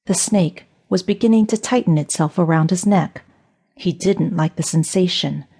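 A woman narrating an audiobook for children in a steady, storytelling way. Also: fairly low pitch, moderate pace, breathy edge. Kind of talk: scripted narration.

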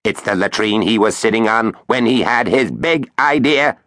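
A man voicing a boastful male robot toilet with a quacky robotic voice, impatient and excitable, in a children's audiobook. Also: on the low side, normal speed, dry recording, clean studio sound, pitched above the performer's own voice.

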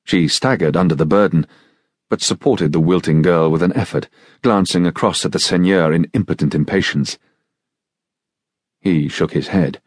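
A man narrates a novel in a measured, steady way. His voice is extremely deep and husky, recorded close and dry with no room sound. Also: no echo. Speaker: audiobook narrator. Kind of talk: scripted narration.

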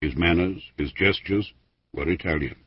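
A man reading a history book aloud as an audiobook narrator, in a measured, formal way with lively emphasis. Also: deep voice, husky. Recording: dry, dull lo-fi studio recording.

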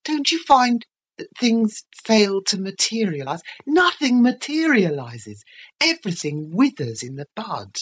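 A woman's voice: mid-range voice, big pitch swings, a little slow, breathy edge, pitched above the performer's own voice. A woman voicing an ironic, restless young woman in an audiobook reading, cool and probing.

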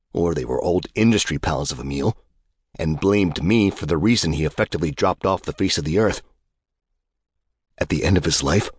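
A man narrating a dark fantasy audiobook in the first person, with a wry, measured delivery. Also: extremely low pitch, husky, dry recording, clean studio sound.

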